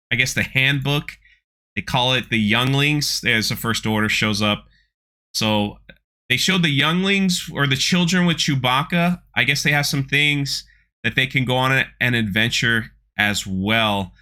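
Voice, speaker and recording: A man's voice: mid-range voice, bright, forceful tone. A man hosting his channel, giving sarcastic, ranting commentary on a trailer with frequent restarts. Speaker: channel host.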